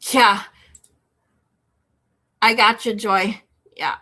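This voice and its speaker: A woman with a Michigan accent, hosting a livestream and chatting casually with her viewers, animated and rambling, often incredulous. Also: medium pitch, very slow. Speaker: livestream host. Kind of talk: casual chat with live chat. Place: home in Texas.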